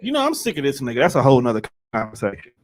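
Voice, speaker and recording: A male podcast co-host in a loose group chat, talking in slang and cracking jokes. His pitch swings around a lot and he laughs easily. He sounds high and relaxed. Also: very fast, slight background noise.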